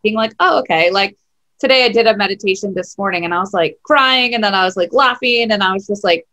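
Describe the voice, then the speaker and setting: A woman guest in a casual podcast chat, animated and quick to laugh, often quoting herself in lively asides. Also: medium pitch. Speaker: guest, nutritionist.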